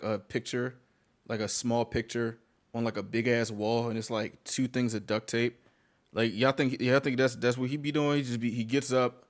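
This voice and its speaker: A man hosting a reaction video, giving casual, blunt commentary full of swearing and sudden outbursts. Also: mid-range voice.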